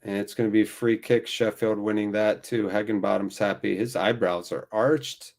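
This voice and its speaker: A man's voice: fairly low pitch, steady tone, moderate pace, creaky, a little mellow. A man hosting a live football watchalong, giving wry, self-deprecating commentary on the match. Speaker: watchalong host.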